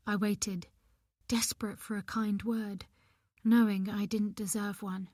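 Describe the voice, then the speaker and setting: A woman's voice: mid-range voice, steady tone, unhurried, darkish tone, no room sound, studio quality. A woman narrating a domestic thriller in the first person, with a tense, emotional delivery. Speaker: audiobook narrator.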